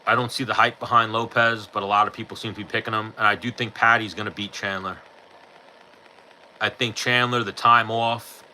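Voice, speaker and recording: Host, thirties; lowish, piercingly bright voice, blunt and profane, faint hiss behind. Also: male voice, low-quality recording. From New York. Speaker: podcast host answering live chat. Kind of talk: casual chat.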